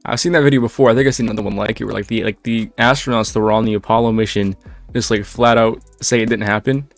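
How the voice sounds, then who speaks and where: A man's voice: on the low side, steady tone, fast, faint music behind. A man reacting casually to short clips as host, with offhand remarks.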